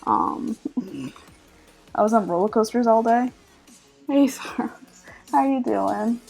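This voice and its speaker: A woman chatting casually with viewers while drawing on a live stream, her voice a little scratchy and groggy, relaxed and laughing often as she focuses on her work. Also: a little high, slow pace, vocal fry, faint music behind. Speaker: art streamer.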